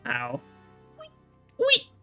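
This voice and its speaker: A man's voice: drawn-out words, sharp tone. A man giving casual gameplay commentary, rambling and restarting his sentences, with loose slang and the odd swear word. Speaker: video game streamer. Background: faint game music.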